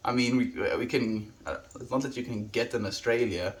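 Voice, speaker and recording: A man livestreaming, chatting casually and warmly greeting viewers by name as he reads the chat. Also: medium pitch, fairly even intonation, normal speed.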